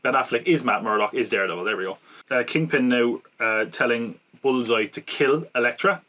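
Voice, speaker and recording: A man with a bright, forceful voice and a middle pitch co-hosts a podcast. He recaps a film's plot in casual chat that rambles along, full of fillers and quick self-corrections. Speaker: podcast co-host. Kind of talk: casual film-review chat.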